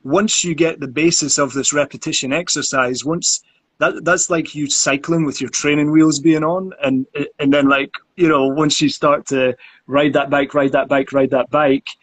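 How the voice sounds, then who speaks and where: A man's voice: a little high, fairly even intonation, normal speed, a bit bright. A man in casual conversation who talks earnestly about acting and often repeats words while he thinks.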